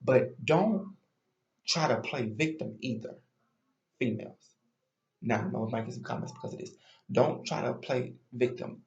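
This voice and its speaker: A man's voice: mid-range voice, darkish tone, reverberant, highs cut off. A man giving a chatty, opinionated and sassy recap of a reality show in casual commentary.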